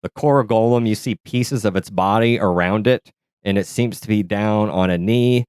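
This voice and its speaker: A man's voice: fairly low pitch, normal speed, darkish tone, clear, resonant tone, no room sound, clean studio sound. A man narrating a tabletop game as game master, describing scenes in detail and searching aloud for words.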